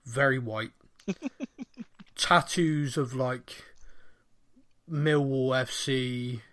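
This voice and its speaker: A man's voice: medium pitch, extremely slow. Laughing Bristolian man telling stories. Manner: animated, laughs often. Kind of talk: casual chat, storytelling.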